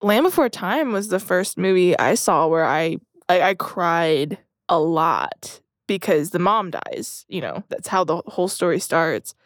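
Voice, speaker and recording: A young woman co-hosting a podcast, leading the topics in a relaxed, chatty way. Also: lowish voice, measured pace, few pauses, no echo, studio quality. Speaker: podcast co-host. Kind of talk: casual chat.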